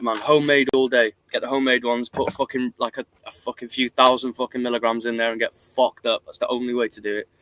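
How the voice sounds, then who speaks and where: A man's voice: medium pitch, no echo, poor audio. A man co-hosting a casual chat over a headset, swearing a lot as he tells stories. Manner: swears constantly, animated storytelling. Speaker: podcast co-host.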